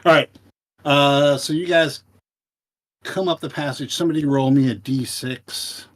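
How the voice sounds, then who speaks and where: A man narrating a tabletop game as game master, unhurried and pausing often with fillers. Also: a little high, steady tone.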